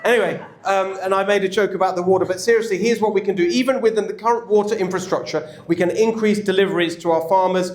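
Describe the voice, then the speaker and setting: Man, English accent, high voice, emphatic campaign speech, echoey room. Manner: emphatic and energetic, quick restarts. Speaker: political candidate speaking at a club event. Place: indoor event room with an audience.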